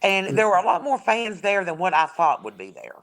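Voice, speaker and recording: A woman, a guest in a casual sports chat, telling lively stories and laughing often. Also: mid-range voice, a little fast. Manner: chatty storyteller who laughs often.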